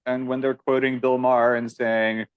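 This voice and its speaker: A man co-hosting a podcast, making wry, deadpan comments in a casual movie chat. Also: medium pitch, moderate pace, clean tone, dry recording, phone-quality sound. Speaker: podcast co-host.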